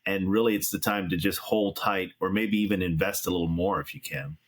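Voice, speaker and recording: Guy hosting a chat show, lowish voice, laid-back storyteller. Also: fairly even intonation, fairly quick. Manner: easygoing, storytelling, affirming. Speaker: show host. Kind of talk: casual chat.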